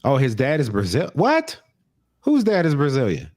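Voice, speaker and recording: A young man co-hosts a comedy podcast in a loose, swearing, joking way, now and then launching into mock rants. His voice sits at an ordinary middle pitch. The studio mic sounds close and dry. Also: wildly swooping pitch, brisk, no echo. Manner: profane, joking, slips into loud mock rants. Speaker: podcast co-host. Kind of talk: casual comedic chat.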